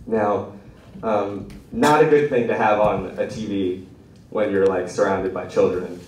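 A young man does stand-up at an open mic in a small room, rambling through a self-deprecating story and often laughing at his own jokes. His voice is low-leaning and darkish, fairly even in intonation and unhurried. The recording comes from a distant mic in an echoey room with slight background noise.

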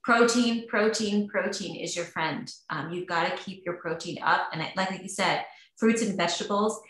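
A woman's voice: mid-range voice, moderate pace, a bit bright. Chatty woman doctor, roomy sound. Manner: casual, chatty, lots of fillers. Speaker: physician. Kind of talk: answering webinar questions. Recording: roomy echo.

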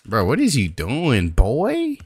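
A young man trash-talking his opponent while commentating a basketball video game, with playful taunts and high yelps. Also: wildly swooping pitch, takes it slowly, breathy edge. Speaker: YouTube gaming creator.

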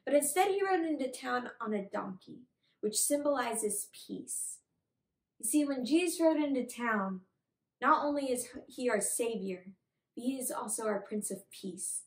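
A woman's voice: a little high, expressive, unhurried. A young woman, a children's pastor, telling a Bible story with bubbly enthusiasm in an online kids' service. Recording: echoey room.

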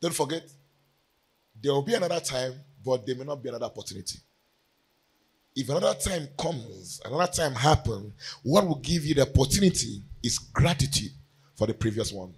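A man preaching a sermon, swinging from loud cries to hushed lines. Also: mid-range voice, expressive, fairly quick, husky, rough recording.

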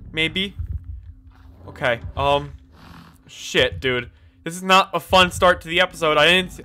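Young male gamer, higher, bright tone; skittish commentary full of swearing and muttering. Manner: jumpy, swears often, nervous muttering. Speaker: gameplay commentator. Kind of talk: casual gameplay commentary.

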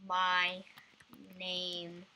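A woman's voice: fairly low pitch, completely flat delivery, very slow, bright, forceful tone, low-quality recording. A woman doing goofy let's-play commentary, bursting into sudden squeals. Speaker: gamer.

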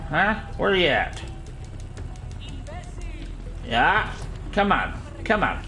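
A man from Iowa narrating his gameplay in a frustrated rage, cursing constantly at the game. His bright voice sits a little high and swings widely, and he talks slowly. Faint music plays underneath. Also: sing-song. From Iowa, United States. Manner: angry, heavy swearing, yelling at the game. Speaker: gamer streaming gameplay.

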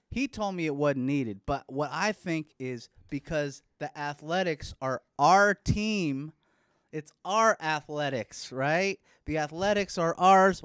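Here a man in his thirties from the Bay Area, California hosts a casual chat podcast, rambling, swearing, joking, and speaking baby talk to his son. His pitch is fairly high and his tone clean, with a dry recording and clean studio sound from a studio microphone.

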